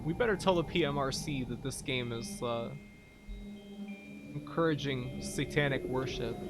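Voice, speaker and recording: A man's voice: medium pitch, normal speed, loud music behind the voice. A man commenting on a game he is playing, making sarcastic, incredulous remarks and laughing asides. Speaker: gameplay commentator. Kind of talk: let's-play commentary.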